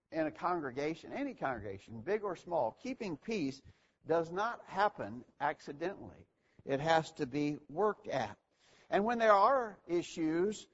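A man's voice: a little high, breathy edge. A man teaching an evening Bible lesson to a church, earnest and repeating key phrases for emphasis. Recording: dull lo-fi recording.

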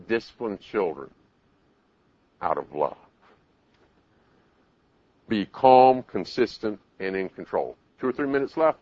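Animated man giving a parenting talk. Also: lowish voice, no echo, dull audio. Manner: animated, acts out parents and kids in raised voices. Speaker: parenting speaker. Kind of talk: live seminar talk.

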